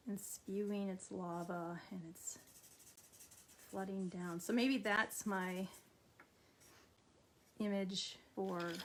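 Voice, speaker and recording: Woman, middle-aged, art therapist, gentle, encouraging, talks straight to the viewer, mid-pitched voice. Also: a little hiss or hum. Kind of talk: instructional art therapy video.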